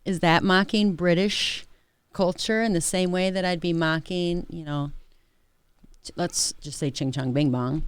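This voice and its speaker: A chatty woman talks casually on a podcast, her voice low and smooth. She sounds close and dry, with no room around her. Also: fairly even intonation, a little slow, no echo. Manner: chatty, drops into mimicked accents. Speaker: podcast co-host.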